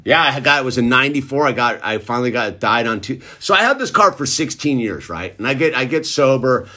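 A man's voice: mid-range voice, animated, a little fast, pushed and bright. A middle-aged man casually telling a long personal story in laid-back slang, tossing in "dude" constantly. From Southern California. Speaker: recovery storyteller.

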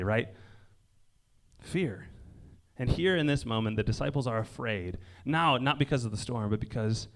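Speaking conversationally, a man delivers an easygoing sermon indoors at a lakeside gathering. To emphasize ideas he sinks into a low, quiet voice, and he often checks in with listeners by asking "right?"

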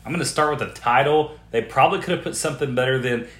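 A fast-talking man with a medium-pitched voice barely pauses as he hosts a podcast, crudely riffing on weird news. Incredulous and freely profane, he erupts in animated bursts, and the sound carries a roomy echo.

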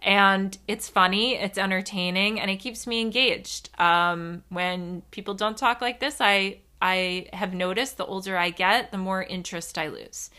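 Woman, podcast host, bright voice, rambling solo monologue, giggly, animated. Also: medium pitch, a little slow, few pauses. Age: adult.

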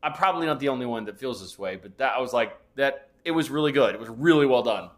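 A man's voice: mid-range voice, lively intonation, quick pace. A man in his fifties, a podcast co-host, telling a rambling story in casual chat and swearing freely. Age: 50s.

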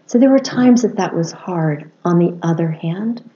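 A woman in her sixties, a podcast guest and mother, speaking in a soft, measured and reflective way. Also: on the low side. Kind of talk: reflective conversation. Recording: dull lo-fi sound.

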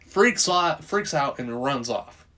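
A man's voice: medium pitch, lively intonation, slow pace, bright, forceful tone. A man recapping a film in loose, rambling casual chat. He swears freely and acts out bits of dialogue along the way. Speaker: podcast co-host recapping a film.

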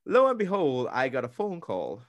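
Young guy radio host telling a story, animated, mid pitch, dry close sound. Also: moderate pace, no room sound. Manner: animated, acts out quoted voices with big pitch jumps. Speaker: radio presenter and podcaster. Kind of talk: casual storytelling chat.

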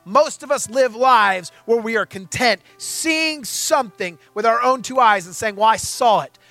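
A young man delivers a storytelling sermon, acting out each person's lines as he goes. His voice sits high and comes across bright and forceful. Soft music plays faintly under him. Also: unhurried, vocal fry, no echo. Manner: animated storyteller acting out dialogue. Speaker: pastor.

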